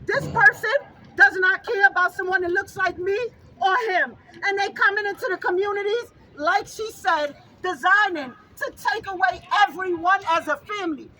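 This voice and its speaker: A grieving mother speaking at an outdoor rally, fervent and repetitive, often rising to a shout. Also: very high-pitched, normal speed, poor audio. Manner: fervent, raises voice to a shout, repeats phrases. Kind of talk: impassioned protest speech.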